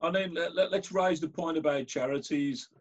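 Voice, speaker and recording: A man's voice: a little high, normal speed, highs cut off. A man with a Birmingham accent hosting a conversation, talking casually and often restarting his phrases. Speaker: host and chair.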